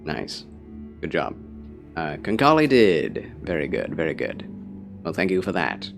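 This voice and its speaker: A man's voice: very deep voice, wildly swooping pitch, a little slow, vocal fry, soft background music. A man live-streaming a game, chatting casually and theatrically with his viewers.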